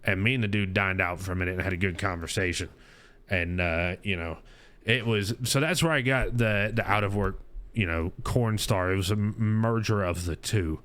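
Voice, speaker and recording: A middle-aged podcast host tells rambling stories in casual chat, restarting sentences and chuckling throughout. His voice is low-pitched but fairly bright in tone, at a normal speed.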